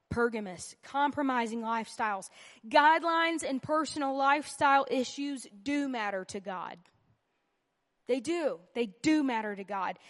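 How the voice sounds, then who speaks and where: A woman's voice: high voice, big-room sound. Earnest woman teaching a church lesson. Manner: earnest and emphatic, repeats key phrases; conversational with humorous asides. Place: church meeting room.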